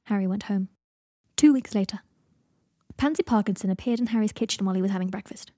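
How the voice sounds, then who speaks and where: Mellow, husky woman reading a story. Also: mid-range voice, quick pace, dry recording, studio quality. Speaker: audiobook narrator. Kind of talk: fan fiction audiobook narration.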